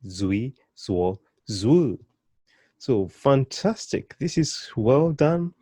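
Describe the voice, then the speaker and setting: A man's voice: fairly low pitch, warm tone, dry recording, clean studio sound. A man teaching a beginner pronunciation lesson, patient and encouraging, repeating syllables one by one. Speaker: language teacher.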